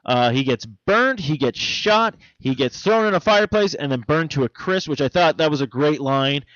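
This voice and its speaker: A man co-hosting a casual film review chat, rambling and excitable, acting out lines as he retells scenes. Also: fairly high pitch, moderate pace, dry recording. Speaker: podcast co-host reviewing a film. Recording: dull lo-fi dry sound.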